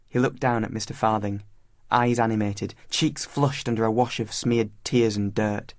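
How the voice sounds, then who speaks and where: A man reading a story aloud in a measured, plain narration. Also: lowish voice, steady tone, no room sound, studio quality. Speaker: audiobook reader. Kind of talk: scripted narration.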